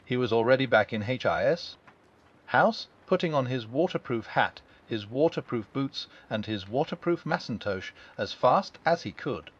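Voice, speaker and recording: A man reads a children's storybook aloud in a gentle bedtime manner, hardly changing his voice for the characters. His pitch moves freely from line to line. The recording sounds dull and lo-fi. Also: expressive, normal speed, breathy edge. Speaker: audiobook narrator. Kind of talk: calm bedtime storybook reading.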